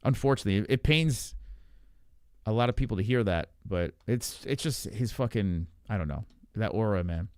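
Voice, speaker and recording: A man's voice: on the low side, animated, moderate pace, clear, resonant tone, no room sound. Profane ranting male streamer, dry sound. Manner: profane, ranting, reacts to chat. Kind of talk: livestream fight talk.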